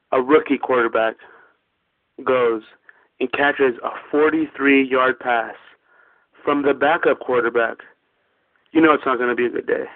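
Slow flat male caller on a phone line. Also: medium pitch, no room sound. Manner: slow, hesitant, with ums.

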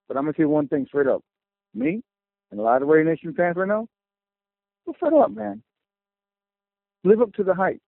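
A man's voice: fairly high pitch, lively intonation, dry recording. Furious man ranting over the phone. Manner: furious, profane, fast venting. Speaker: caller. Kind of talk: angry call-in rant. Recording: tinny phone line.

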